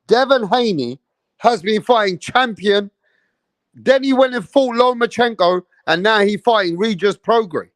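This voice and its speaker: Man, boxing stream host, casual slangy chat, slightly high voice, dry close sound. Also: no echo. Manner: shouts out chat users, slangy and emphatic.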